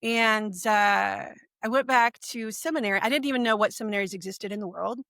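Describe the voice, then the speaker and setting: Gravelly-voiced woman telling her story. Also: mid-range voice, fairly quick, dry recording, clean studio sound. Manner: animated, acts out quoted speech. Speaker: podcast guest. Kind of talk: personal storytelling.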